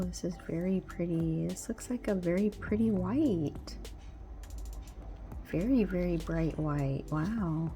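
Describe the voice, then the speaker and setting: A woman hosting her own channel, unboxing a product with gushing delight, gasps and soft whispered exclamations. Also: fairly low pitch, slow, faint music behind. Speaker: nail polish channel host.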